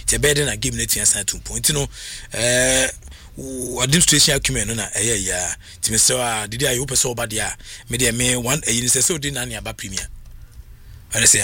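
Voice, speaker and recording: A man with a Ghanaian accent presenting football talk on radio, animated, switching between languages. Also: medium pitch, brisk, slightly rough. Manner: animated, mixing languages, frequent laughs. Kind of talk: radio sports commentary.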